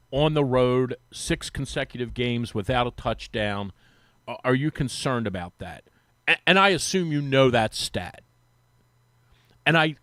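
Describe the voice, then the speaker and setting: A man on sports radio telling a long anecdote in casual chat, acting out the quotes with a rising, lively voice. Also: mid-range voice, no echo. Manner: animated, acts out quotes with rising voice. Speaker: sports radio guest, former team reporter. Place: radio studio.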